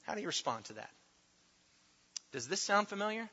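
A male pastor delivers a sermon, driving home his points by repeating key phrases and dropping in playful asides. His voice is high and very bright. It carries through a reverberant hall on a somewhat dull recording. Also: sing-song, fairly quick, long pauses, breathy edge.

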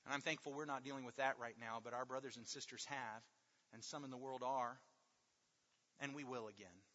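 A man preaching a sermon, emphatic and repetitive, drawing out key words slowly for stress. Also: mid-range voice, steady tone, bright, forceful tone. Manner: emphatic, with rhetorical repetition and slow drawn-out stresses. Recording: long hall reverb, dull lo-fi sound.

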